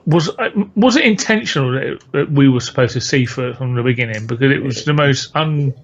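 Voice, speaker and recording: A man's voice: mid-range voice, fairly quick, muffled recording. A man co-hosting a podcast in casual chat, giving blunt, dismissive opinions. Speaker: podcast co-host.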